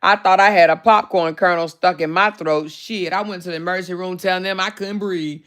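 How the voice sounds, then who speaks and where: Salty, smooth-voiced woman livestreamer. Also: on the low side, fairly quick. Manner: animated, salty and profane, drawling endearments like child and baby. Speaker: livestream host. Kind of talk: casual livestream chat reading viewer comments.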